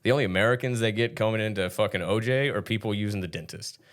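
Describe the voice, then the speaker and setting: A man's voice: lowish voice, fast. A man co-hosting a podcast, telling a rambling, profane story in casual chat. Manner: rambling, heavy swearing. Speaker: podcast co-host.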